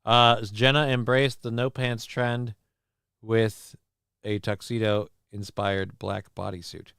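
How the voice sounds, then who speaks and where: A man's voice: fairly low pitch, level tone, slow, creaky, clean tone, no room sound, studio quality. Jokey male livestream host riffing. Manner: jokey, riffs loudly on viewer comments, rambling. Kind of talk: casual chat reading live chat.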